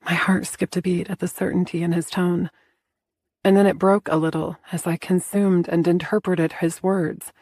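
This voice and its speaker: A woman narrating a first-person romance audiobook in a soft, intimate storytelling manner. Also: fairly low pitch, little pitch movement, normal speed, no echo, studio quality.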